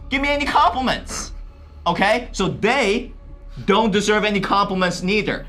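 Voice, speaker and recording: A man from China, a native Chinese speaker, talks straight to camera in an opinionated, lecturing way. His voice sits a little high and sounds bright and forceful. He drives his points home with rhetorical questions. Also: animated, moderate pace. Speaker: vlog co-host. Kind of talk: casual opinionated commentary to camera.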